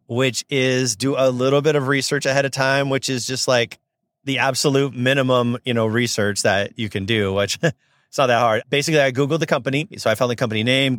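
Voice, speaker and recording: Here the notary signing agent and podcast host, a young man from Southern California, tells his story with a chatty, upbeat flow and lots of fillers. His voice is medium-pitched and a bit bright on a dry recording, and he acts out what others said.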